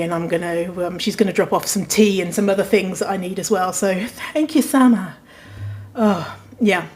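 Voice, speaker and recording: Woman podcast host, casual rambling chat, fillers and swearing, mid-pitched voice. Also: darkish tone. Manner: chatty, rambling, swears freely, frequent fillers. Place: rented apartment during quarantine.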